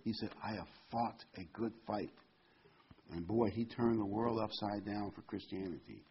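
A man preaching a sermon, reading scripture aloud and shifting between loud emphatic points and quiet asides. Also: on the low side, moderate pace, husky. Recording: dull lo-fi recording.

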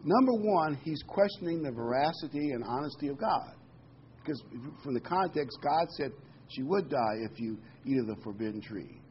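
A man's voice: fairly high pitch, expressive, normal speed, lo-fi sound, a little hiss or hum. A man preaching a sermon in an earnest teaching manner, quoting and explaining scripture with frequent "um"s.

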